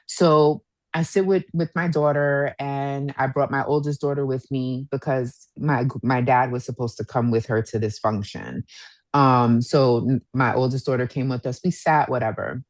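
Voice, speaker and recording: A woman in her thirties co-hosting a podcast, telling a story in a casual, animated way and acting out what people said. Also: extremely low pitch, normal speed, dry recording. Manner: animated storyteller, acts out quotes, says "y'all". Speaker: podcast co-host.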